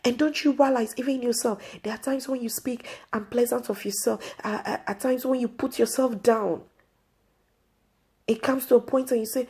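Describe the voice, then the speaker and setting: A woman's voice: a little high, fairly even intonation, moderate pace, darkish tone, slightly rough. A woman vlog host giving an earnest inspirational faith talk to camera, repeating her pleas.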